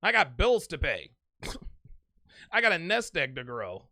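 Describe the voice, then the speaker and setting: A man's voice: fairly high pitch, wildly swooping pitch, slow pace, sharp tone, no echo. A man in his forties hosting a live call-in show, brash and swaggering, swearing freely and laughing often. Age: 40s.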